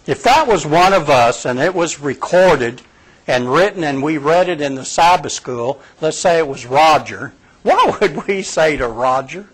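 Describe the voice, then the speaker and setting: Animated, conversational man preaching. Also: a little high, measured pace, slightly rough. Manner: conversational, animated, addresses the congregation directly. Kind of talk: sermon.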